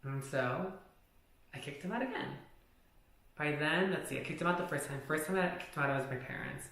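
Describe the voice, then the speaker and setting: Talking a bit quickly, a man with a slightly high, somewhat bright voice rambles through a personal story on his vlog. His speech is casual and profane, packed with "like," and it's captured in a room with noticeable echo.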